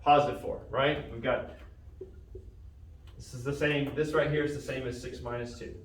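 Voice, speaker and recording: A man's voice: medium pitch, little pitch movement, normal speed, distant mic. A male math teacher leads a classroom lesson, patiently asking questions and checking that his students follow along. He is heard from across an echoey room. A faint hiss of room noise sits behind him.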